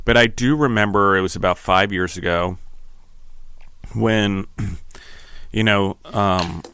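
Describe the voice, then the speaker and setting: A middle-aged man speaking earnestly and reflectively in an interview, often pausing and restarting his phrases. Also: lowish voice, fairly bright tone, clean tone, dry recording, studio quality. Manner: earnest, halting, restarts phrases, gets emotional. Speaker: podcast host.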